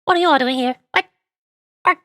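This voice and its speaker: High-voiced playful woman gaming. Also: brisk, sharp tone, dry recording. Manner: chatty, playful, confused asides. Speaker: streamer. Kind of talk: casual gameplay commentary and reading aloud.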